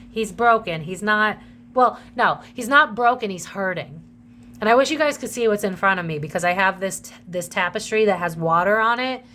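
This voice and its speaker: A woman's voice: medium pitch, bright, forceful tone, slight background noise. Chatty woman giving a tarot reading. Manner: chatty, emotional, swears freely. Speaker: psychic tarot reader. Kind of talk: casual tarot reading to camera.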